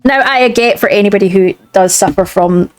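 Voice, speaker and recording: A woman's voice: mid-range voice, normal speed, faint music behind. A woman with a Scottish accent, chatting casually while streaming a game, rambling and often restarting her sentences. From Scotland. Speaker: gaming streamer. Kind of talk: casual chat while gaming.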